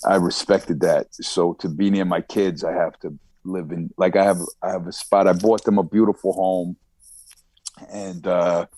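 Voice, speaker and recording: A man with a Long Island accent talks loosely and at length as a podcast guest. His voice sits very low, and the recording is dry with no room sound. He stumbles over repeated words and laughs between phrases. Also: fairly even intonation, normal speed, warm tone, no room sound. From United States. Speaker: guest rapper. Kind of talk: casual podcast conversation. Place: Germany.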